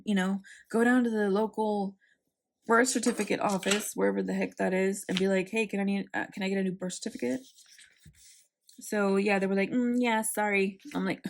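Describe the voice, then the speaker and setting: Chatty woman with a creaky voice. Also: mid-range voice, brisk. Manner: animated, acts out quotes with sarcasm. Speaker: planner vlogger. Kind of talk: chatty storytelling while crafting.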